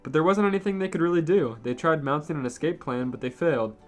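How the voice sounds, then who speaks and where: A man's voice: fairly high pitch, fast, faint music behind. Wry, offhand podcast co-host man. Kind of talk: casual comedic chat and reading.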